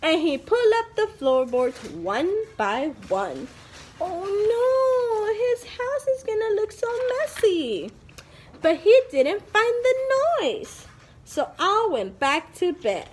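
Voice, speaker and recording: A young woman reads a picture book aloud to little children in a bright, high voice. Her sing-song delivery leaps wildly up and down, unhurried and very slow, with playful gasps for effect. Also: very animated, a little hiss or hum. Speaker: preschool teacher.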